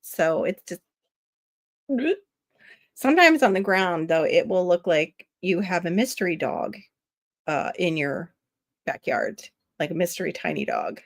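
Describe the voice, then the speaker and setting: A woman's voice: on the low side, animated, unhurried, pauses often, no room sound, studio quality. A woman from Florida with a nasal voice hosts a casual gardening livestream, chatting with viewers and answering their comments aloud. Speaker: livestream host.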